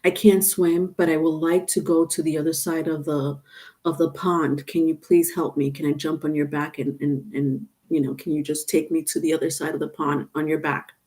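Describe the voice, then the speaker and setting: A woman's voice: deep voice, flat delivery, normal speed, mellow, voice pushed down, lightly acted. A woman voicing a sly scorpion from a fable, coaxing and wheedling. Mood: pleading.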